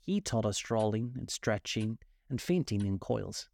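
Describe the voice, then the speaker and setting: A weepy, melancholy storybook turtle, voiced by a man, who sighs and sobs his way through every sentence. The voice sits low and slow and is heavy with self-pity. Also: expressive, vocal fry, darkish tone. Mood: mournful. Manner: mournful, sighing, slow. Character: melancholy sobbing male Mock Turtle, sighing.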